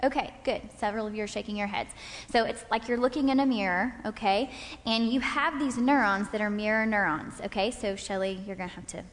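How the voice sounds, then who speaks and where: A woman leading a faith-based parenting class from a stage, animated, acting out scenes and checking in with her listeners. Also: mid-range voice, fairly quick. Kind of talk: interactive faith-based lecture with volunteers. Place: stage in a large hall. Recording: hall reverb from a stage talk.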